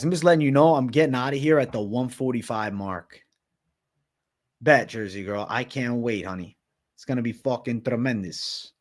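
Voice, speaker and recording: A young man from Massachusetts hosting a livestream, chatting loosely and swearing constantly while reading viewer comments aloud. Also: medium pitch. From Massachusetts, USA. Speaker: livestream host.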